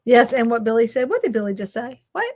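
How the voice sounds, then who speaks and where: A woman's voice: a little high, very animated, fast talker, a little mellow. A woman with a North Louisiana accent, hosting a casual live chat and easily amused. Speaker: livestream host.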